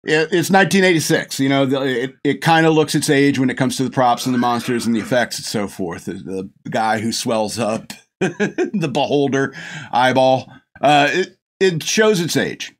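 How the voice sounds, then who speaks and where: A middle-aged man reviews a film on his podcast in a mid-range voice at normal speed. He gushes and rambles casually, laughing often and frequently starting over mid-sentence.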